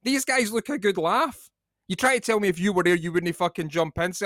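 A man's voice: sits high, animated, a little fast, a bit bright, no echo, clean studio sound. A man, co-hosting a casual podcast in a rambling, sweary, laughing way. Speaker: podcast co-host.

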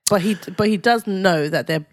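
A woman co-hosting a casual podcast chat, teasing her partner and quick to jump in. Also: medium pitch, dry recording, studio quality. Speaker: podcast co-host.

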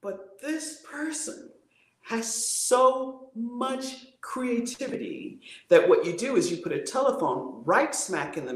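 A woman voice coach on a video call, talking in a playful, animated way and acting out voices. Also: reverberant. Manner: playful, acts out voices, swings pitch widely. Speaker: voice coach guest.

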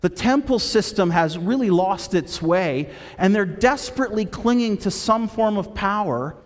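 A man preaching a sermon, retelling stories in a lively way and dropping his voice low and quiet for quoted lines. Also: normal speed, long reverb tail. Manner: storytelling with quoted voices, shifting between loud and hushed. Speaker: pastor.

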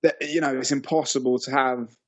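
A man's voice: medium pitch, steady tone, brisk, fairly bright tone, no echo. A man hosting a casual sports podcast, teasing his co-hosts as he moves the talk along. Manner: teasing, leads the segments. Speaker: podcast host. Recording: dull lo-fi sound.

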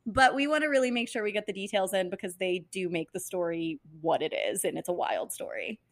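A woman's voice: medium pitch, a little fast. Chatty young woman podcast co-host. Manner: laughing, chatty, wraps up the episode. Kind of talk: casual storytelling chat.

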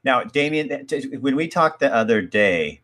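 A man's voice: mid-range voice, expressive, a little slow, a bit bright. A man hosting a casual discussion, asking questions in a hesitant, careful way. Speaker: host.

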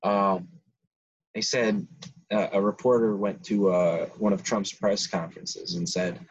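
A man around twenty co-hosts a casual podcast, heatedly ranting his opinions and frequently restarting his sentences. His fairly low, slightly rough voice is a little slow with fairly even intonation, heard through dull lo-fi sound.

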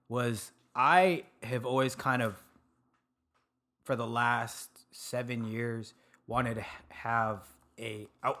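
Brief: easygoing young guy from Sacramento, casual storyteller, laughs a lot, salty language, middle-pitched voice. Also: bright, forceful tone. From Sacramento, California. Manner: laid-back, laughs often, swears freely. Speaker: podcast guest, food truck owner.

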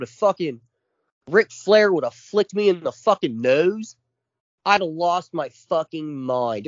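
A man's voice: high-pitched, no echo, highs cut off. Profane ranting man on a podcast. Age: 40s. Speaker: podcast co-host. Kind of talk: casual chat.

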